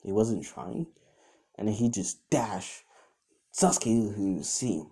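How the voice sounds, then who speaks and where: Rambling young man with a mellow, low voice. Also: expressive, slow, slightly rough. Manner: rambling, with many fillers and restarts; quotes characters in his own voice. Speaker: storyteller. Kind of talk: casual improvised fan-story retelling.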